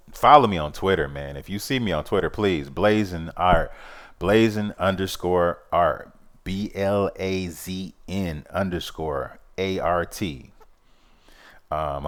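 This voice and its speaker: A man hosting his own vlog, talking in a rambling, earnest and somewhat preachy way, often repeating "you know what I mean". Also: low voice. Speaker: vlog host. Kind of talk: casual monologue.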